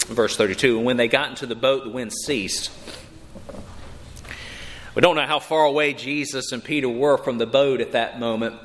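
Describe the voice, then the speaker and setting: A man preaching a sermon in a voice of middle pitch, with the long reverb of a large hall trailing every phrase. His delivery is dramatic and emphatic. He draws out key words slowly, then lifts his voice for emphasis. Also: fairly bright tone. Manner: dramatic, emphatic delivery with slow drawn-out phrases and sudden rises.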